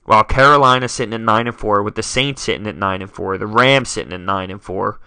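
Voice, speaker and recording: A man's voice: on the low side, quick pace, pushed and bright, smooth, no echo. A young man hosting a solo sports talk podcast, dramatic and self-mocking as he rattles off scores. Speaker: podcast host.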